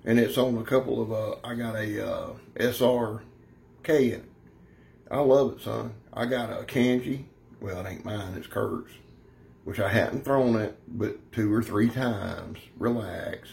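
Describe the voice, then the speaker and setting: A man's voice: on the low side, unhurried, vocal fry, a little mellow. A man giving a rambling, folksy, brash product review, talking straight to his viewers. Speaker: knife reviewer.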